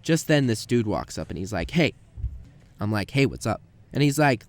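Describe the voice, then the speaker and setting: A young man narrating a comedic story about his grocery job, jumping into quick put-on voices for the people in it. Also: lively intonation. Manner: acts out quoted customers with jumps in pitch. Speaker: animated storyteller.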